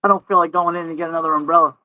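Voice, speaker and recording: Racing along with a flat delivery, this man's voice is on the high side, captured in a dry recording with dull audio. He hosts a casual livestream outdoors under an umbrella on a windy night, joking and chatting in a thick Brooklyn-accented New York manner.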